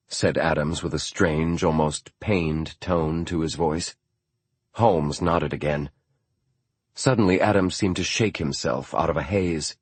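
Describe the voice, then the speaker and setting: Deep, husky-voiced male narrator. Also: unhurried, dry recording. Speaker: audiobook narrator. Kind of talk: scripted narration.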